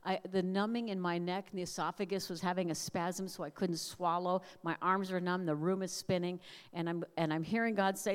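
An earnest middle-aged woman preaching at a family camp, her slightly low voice moving in measured, emphatic phrases. Her words ring out with a long reverb from a large hall. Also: steady tone, clear, resonant tone. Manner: earnest, prayerful, measured cadence with emphatic repeated lists. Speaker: speaker at a family camp, radio host. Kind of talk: sermon with personal testimony.

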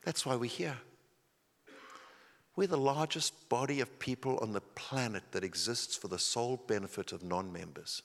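A man preaching a sermon, telling a story dramatically and then dropping to a hushed, intense delivery. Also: mid-range voice, normal speed, creaky. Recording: long reverb of a large hall.

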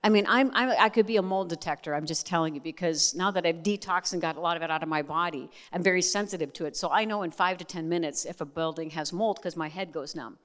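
A woman's voice: lowish voice, quick pace, few pauses, fairly bright tone, long reverb tail. A middle-aged woman giving a testimony sermon as a Christian speaker, talking candidly with chatty asides. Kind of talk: testimony sermon to a live audience.

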